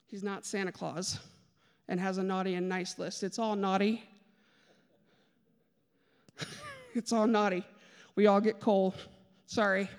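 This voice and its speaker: A woman's voice: medium pitch, darkish tone. A woman giving a conversational sermon with personal testimony, chatty and self-deprecating, with joking asides. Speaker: speaker giving a church talk. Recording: long reverb of a large hall.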